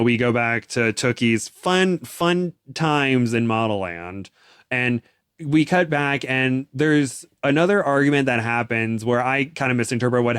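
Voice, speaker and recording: Animated young man recapping a novel. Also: medium pitch, clear, resonant tone, dry recording, clean studio sound. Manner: animated, does excited voices for quotes, many restarts. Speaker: podcast co-host. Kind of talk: casual chat recapping a novel.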